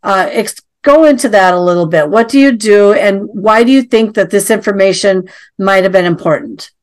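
A woman's voice: medium pitch, normal speed. A woman hosting an interview, asking long, rambling questions full of fillers. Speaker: interview host. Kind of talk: casual interview.

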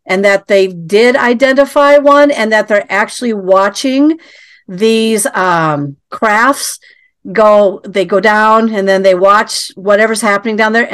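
A woman's voice: mid-range voice, measured pace, clean tone. A woman hosting a casual interview, asking long, hesitant questions full of restarts and hedges. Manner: rambling, hesitant, hedging questions. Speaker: interview host.

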